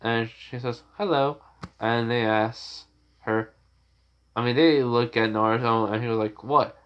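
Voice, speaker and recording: A man's voice: medium pitch, level tone, unhurried, smooth, muffled recording. A man casually narrating a fan-made story, rambling with loose restarts. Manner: rambling, many fillers and restarts.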